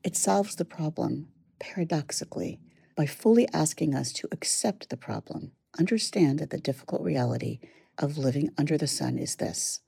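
A low-pitched woman with a husky, dark tone delivers a study lesson. She speaks in a measured, reflective way and weaves Hebrew verses into her English. The recording is dry and close. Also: lively intonation, no echo. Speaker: Torah study teacher.

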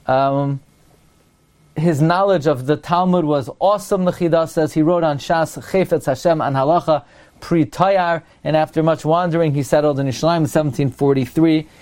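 A rabbi teaches a Torah class in a fairly high, darkish voice that carries a lilt. He asks one rhetorical question after another and slows down to quote each Hebrew verse.

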